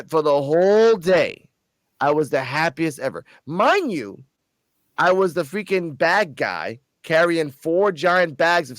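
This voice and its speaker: A man from Puerto Rico telling a story in a casual, animated vlog, cursing freely and sounding a little tipsy. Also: fairly high pitch, dry recording. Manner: profane, animated, excited storytelling. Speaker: channel host.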